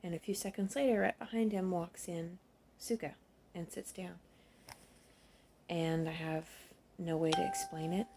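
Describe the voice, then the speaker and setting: Flat, dark-voiced woman telling a story. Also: on the low side, measured pace, slight background noise. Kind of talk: casual storytelling to phone camera.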